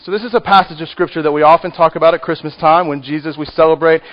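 A man's voice: a little high, fairly even intonation, fast, hardly any pauses. A man with a Texan accent preaching a sermon, conversational and joking with the congregation. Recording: muffled lo-fi recording.

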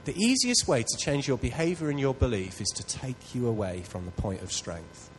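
A man's voice: mid-range voice, normal speed, slight background noise, low-quality recording. Earnest man preaching a sermon. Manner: earnest, self-deprecating, builds to loud excitement. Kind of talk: sermon with personal storytelling.

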